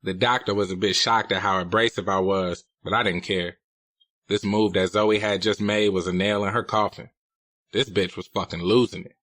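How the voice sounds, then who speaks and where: Deep-voiced man narrating bluntly. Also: fairly even intonation, normal speed, a bit bright, dry recording. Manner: blunt, profane, streetwise. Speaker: audiobook narrator. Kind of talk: first-person novel narration.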